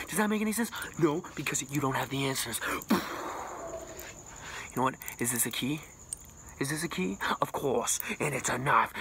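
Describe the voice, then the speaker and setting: Guy doing a fake know-it-all guru bit, gravelly, tense edgy tone, silly put-on lisp. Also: sharp tone, a little hiss or hum. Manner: rambling, boastful, absurd know-it-all; sudden pitch jumps and dropped whispers. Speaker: comedic vlogger. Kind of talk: mock self-help guru monologue.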